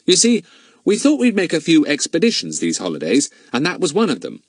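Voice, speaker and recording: A man's voice: a little high, huge pitch swings, a little fast, husky, no echo, voice pushed up, full character voice. A man voicing a confident, polite schoolboy detective, speaking seriously, in an audiobook reading.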